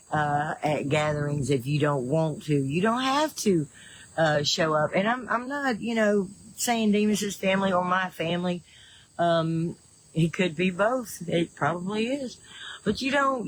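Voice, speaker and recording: A woman's voice: fairly low pitch, slight background noise, rough recording. An older woman with a Southern drawl chats loosely on a home livestream, answering viewer comments as she goes. Her talk wanders, doubles back on itself and breaks into easy laughter. Faint crickets and insects chirp in the background. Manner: rambling, chatty, many restarts, laughs easily. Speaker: livestream host. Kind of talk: casual chat reading viewer comments. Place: home in the woods.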